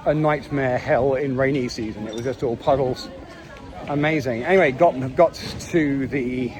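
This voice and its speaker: A man talking in a casual, wry travel vlog while walking outdoors on a busy city street. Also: medium pitch. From England. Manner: chatty, wry and self-mocking. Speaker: travel vlogger. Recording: noisy outdoor street recording. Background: street traffic and city noise.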